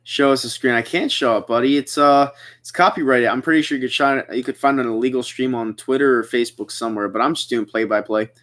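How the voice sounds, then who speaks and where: A young man from the Philadelphia area hosts a casual livestream and chats loosely with his viewers. He rambles from comment to comment, reading each one aloud before he answers it. His voice sits at an ordinary middle pitch. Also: quick pace, hardly any pauses, a bit bright. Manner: chatty, rambling, reads chat aloud. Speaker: livestream host.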